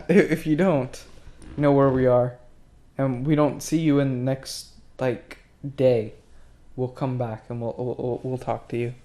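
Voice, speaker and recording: A man playing in a tabletop game, talking in a halting way with stammered restarts. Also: mid-range voice, fairly even intonation, warm tone. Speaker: player. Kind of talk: casual tabletop game play.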